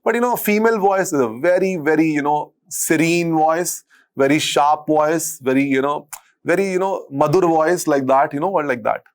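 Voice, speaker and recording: A male medical lecturer with an Indian accent and a husky, deep voice, dictating notes and repeating phrases as he teaches. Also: normal speed. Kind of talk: classroom lecture.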